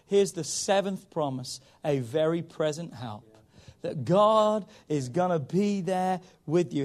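A male pastor preaching a sermon, emphatic and urging, often saying "come on" and swinging between loud pushes and quiet stretches. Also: high voice. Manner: emphatic, repeats "come on", rises and drops in volume.

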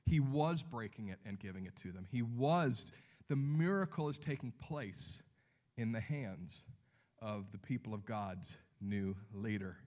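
A man preaching a sermon as pastor, telling the story with lively acted-out voices and dropping to hushed near-whispers for emphasis. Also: lowish voice, unhurried.

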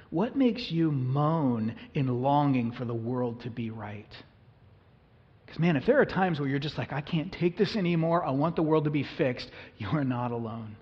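A man preaching a sermon as a pastor, earnest and emphatic, his voice rising suddenly to loud peaks. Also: medium pitch. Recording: muffled, reverberant hall recording.

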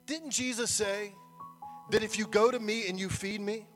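High-voiced pastor preaching with soft music. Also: male voice, normal speed. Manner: animated storytelling, rising to near-shouting at climaxes. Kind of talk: sermon. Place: church service before a congregation.

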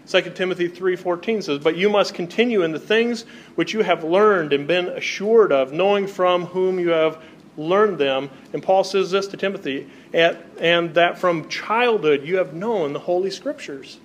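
A man's voice: high-pitched, normal speed, a little hiss or hum. A male pastor preaching a sermon, reading Bible passages aloud and explaining them to his congregation. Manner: reads scripture aloud, then explains it to the congregation.

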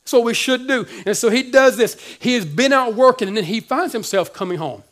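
Male pastor with a high voice, lively casual sermon that swings between loud and hushed. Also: fairly quick. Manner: casual preaching slang.

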